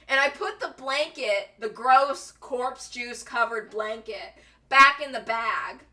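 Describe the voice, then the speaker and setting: A young woman with a high, bright voice tells tabletop game stories in casual streamer chat. She is animated and giggly and acts out the quotes, heard from a mic set a little back from her. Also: far from the mic.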